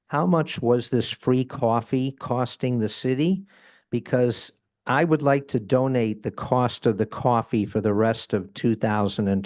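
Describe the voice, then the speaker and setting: A man's voice: medium pitch, darkish tone, no room sound, clean studio sound. A man speaking as a resident during public comment at a city meeting, pointed and dryly sarcastic.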